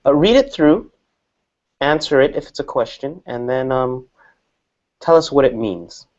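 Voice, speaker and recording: A man's voice: medium pitch, animated, darkish tone. Patient male English teacher, lo-fi. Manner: patient, explains slowly with repeated examples. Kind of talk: classroom teaching. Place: classroom.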